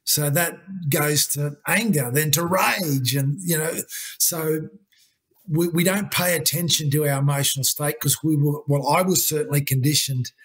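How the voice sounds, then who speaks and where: A man's voice: fairly high pitch, fairly even intonation, measured pace, breathy edge. A man, a guest coach talking earnestly in an interview, often saying "you know" and "mate". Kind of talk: conversational interview talk.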